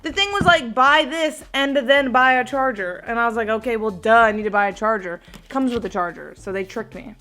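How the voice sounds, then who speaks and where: A young woman talks to her camera in a loose, bubbly vlog style, with "like" dropped in all through her sentences. Her voice sits a little high for a woman. She chats the way she would with friends. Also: brisk, few pauses, bright, forceful tone. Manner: chatty, bubbly, says "like" often. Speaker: vlogger. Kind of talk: casual vlog chat. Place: at home, then at a gym.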